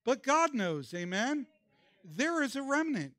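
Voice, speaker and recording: A man's voice: very high voice, big pitch swings, a little slow, bright, forceful tone, no echo, clean studio sound. A man, a pastor, preaching a sermon and calling on the congregation to answer back. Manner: preaching with call-and-response prompts. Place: church.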